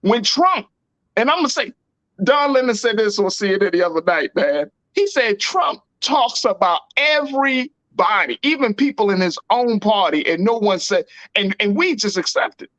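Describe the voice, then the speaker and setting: Animated, slangy male talk show host. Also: high-pitched, normal speed, no room sound. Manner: animated, emphatic, slangy and repetitive. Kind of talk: casual political talk show chat.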